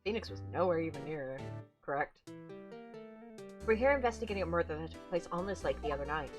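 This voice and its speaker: A woman voicing a young male lawyer in a low, quiet, deadpan tone, with game music behind. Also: fast.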